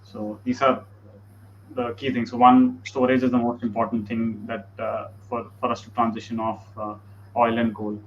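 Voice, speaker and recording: This man talks in an earnest way, with lots of fillers. He comes through dull, lo-fi video call audio with faint noise behind him. His pitch sits in a middle range. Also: level tone, normal speed. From India. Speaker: panel guest. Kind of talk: discussion.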